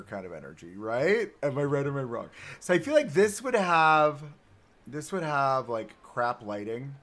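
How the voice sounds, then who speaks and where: A man's voice: mid-range voice, very animated, measured pace, a bit bright. A young man chatting to himself and his viewers as he builds in a live game stream. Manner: chatty, self-talking while building. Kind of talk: live gameplay commentary.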